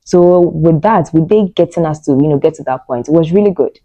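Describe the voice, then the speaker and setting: Lady rambling thru a movie review, warm mellow voice, lots of um and you know. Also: low voice, fairly quick, no echo, rough recording. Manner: emotional, rambling, many fillers, retells scenes. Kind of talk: casual spoken movie review.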